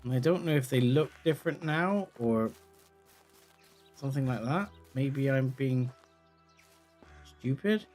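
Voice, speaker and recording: A man giving let's play commentary, chatting calmly and then yelling in panic. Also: medium pitch, unhurried, long pauses, soft background music. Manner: excitable, swings from calm chatter to yelling in panic. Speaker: gaming video creator.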